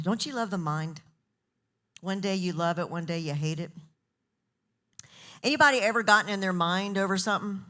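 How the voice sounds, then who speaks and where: Middle-aged woman, casual women's ministry preacher, very expressive pitch, does voices when quoting people. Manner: animated, acts out quoted voices with big pitch jumps. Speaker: pastor's wife leading a women's talk. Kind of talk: casual sermon storytelling.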